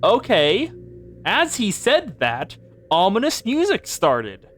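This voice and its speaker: Animated young streamer guy. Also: sits high, takes it slowly. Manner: playful, animated, jokey. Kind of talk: casual let's-play commentary with read-aloud dialogue. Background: game music.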